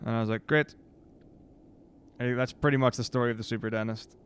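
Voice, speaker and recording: A man's voice: medium pitch, little pitch movement, rapid-fire, slight background noise. Rambling male streamer telling a story. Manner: rambling, with frequent restarts and acted-out quotes. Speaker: speedrun streamer. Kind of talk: casual storytelling while streaming.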